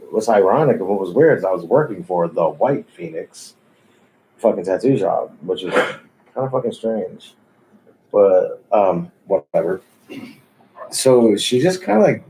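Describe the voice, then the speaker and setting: A low-pitched man with a dark, mellow voice spins profane, laid-back tales of his tattoo career. He laughs often, and a soft hum of room sound sits faintly behind him. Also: rough recording. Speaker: tattoo artist and guest. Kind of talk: casual storytelling. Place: tattoo shop.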